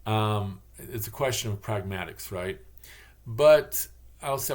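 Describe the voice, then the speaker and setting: A man's voice: on the low side, lively intonation, slow pace. Chatty man from Michigan rambling on. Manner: chatty, digressive, acts out quoted voices. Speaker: channel host. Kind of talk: rambling casual monologue.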